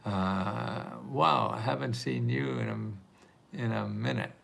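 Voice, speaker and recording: A man's voice: medium pitch, slow pace, gravelly, fairly bright tone. An older man hosting a live video stream, answering viewer questions in a chatty, rambling way and laughing often. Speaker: livestream host answering viewer questions about grants. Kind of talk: casual live Q&A.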